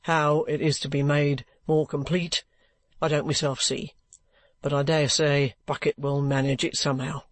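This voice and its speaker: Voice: mid-range voice, level tone, moderate pace, dry recording, voice pushed down, natural voice. A reader voicing a bluff former soldier who is under arrest and speaks plainly, politely and stubbornly. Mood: firm.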